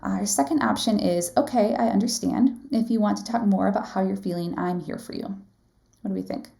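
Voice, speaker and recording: Here a nursing exam instructor leads an online class live, her medium-pitched voice creaky and mellow and her pace a little quick. She talks casually, quizzing the audience and saying "right?" a lot.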